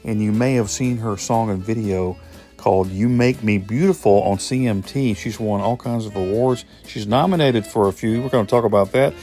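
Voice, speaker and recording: A man's voice: on the low side, moderate pace, mellow, faint music behind. A man hosting an interview, chatting in a rambling, folksy, self-deprecating way. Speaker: host. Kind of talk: casual interview chat.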